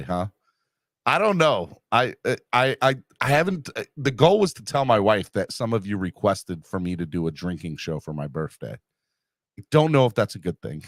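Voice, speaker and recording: A middle-aged man hosts a podcast, his voice sitting low in a clean, dry studio recording with no room sound. He reads live comments and chats casually, rambling and poking fun at himself, with lots of fillers and restarts.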